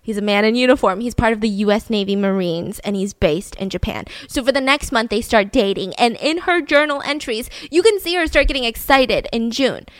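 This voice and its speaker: A woman's voice: a little high, brisk, few pauses, no echo. A woman hosting a podcast, telling a true-crime story in a chatty way, swearing casually and laughing between points. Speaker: podcast host.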